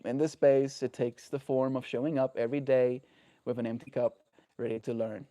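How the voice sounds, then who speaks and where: A man's voice: medium pitch, little pitch movement, normal speed, mellow. A man talking earnestly and reflectively on a daily livestream, often checking in with the listener. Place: home.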